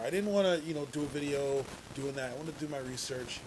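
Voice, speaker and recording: A man's voice: medium pitch, fast talker, hardly any pauses, a little hiss or hum, poor audio. A man talking casually to his viewers in a political vlog, rambling a little and restarting his sentences. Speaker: vlogger. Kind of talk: casual political commentary to camera.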